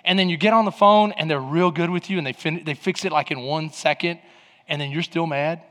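A man preaching a sermon, telling stories animatedly with bursts of shouting. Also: on the high side, steady tone, a little fast, long reverb tail. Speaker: pastor.

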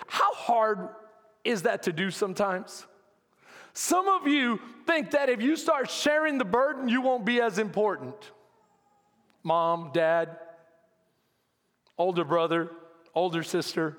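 A man preaching as a pastor, animated, acting out complaining voices and shouting at peaks. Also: high voice, unhurried, pauses often, long reverb tail. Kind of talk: sermon.

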